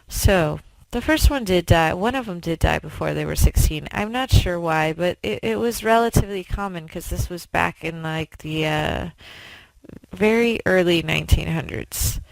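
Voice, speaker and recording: Brief: chatty woman storyteller, gravelly, dry close sound. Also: fairly low pitch, moderate pace, no room sound, rough recording. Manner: animated, conversational, frequent "like". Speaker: speaker. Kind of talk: storytelling public talk.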